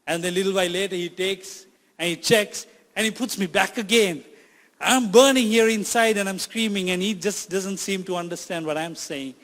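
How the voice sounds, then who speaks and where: A man's voice: high voice, a bit bright, long reverb tail. A man voicing a clay teapot being shaped in a potter's hands, crying out in distress in first person. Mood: anguished.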